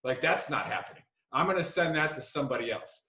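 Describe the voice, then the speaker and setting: A man's voice: fairly high pitch, animated, fast talker, sharp tone. A man hosting a casual podcast, rambling and joking with frequent swearing. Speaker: podcast host. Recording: echoey room.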